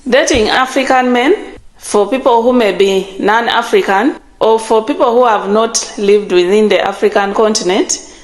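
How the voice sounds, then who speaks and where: A woman hosting her channel, introducing a reaction video in a measured way. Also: fairly high pitch, reverberant, low-quality recording. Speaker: channel host.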